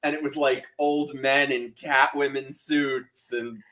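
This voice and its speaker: A man's voice: mid-range voice, little pitch movement, slow pace, sharp tone. A man appearing as guest co-host on a live show, talking casually with sarcastic, ranting energy. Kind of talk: casual live-stream chat.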